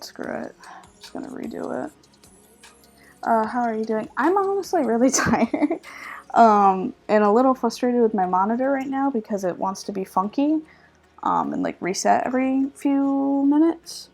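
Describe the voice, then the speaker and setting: A woman chats loosely with her viewers while she draws, trailing off and laughing as she concentrates. Her voice sits a little high and has a gravelly, groggy scratch to it. Soft music plays faintly underneath. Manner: relaxed and chatty, often laughing and trailing off while focused on drawing. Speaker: art streamer. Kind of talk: casual chat while drawing on a live stream.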